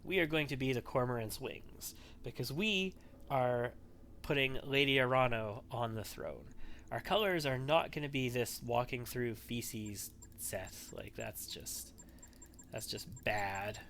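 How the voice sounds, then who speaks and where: A man's voice: medium pitch, measured pace, a bit bright, slight background noise. A man hosting a let's play, thinking aloud and wavering as he makes choices in a strategy game. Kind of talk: gameplay commentary.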